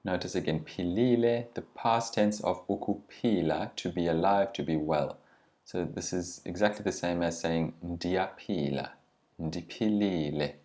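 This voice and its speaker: A man's voice: low-pitched, a little mellow. A man teaching a language lesson, saying each word carefully and then giving its meaning. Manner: deliberate, pronounces each word then glosses it.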